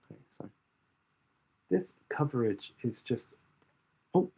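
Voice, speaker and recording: A man's voice: medium pitch, animated, takes it slowly, mellow, husky. A young man doing drag makeup on a livestream, chatting casually and thinking aloud to his viewers.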